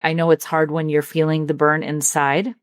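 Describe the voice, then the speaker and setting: A woman hosting a solo coaching podcast, talking earnestly and with empathy, and slowing down to stress her points. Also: low-pitched, little pitch movement, clean tone, no room sound, clean studio sound. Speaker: leadership coach and podcast host.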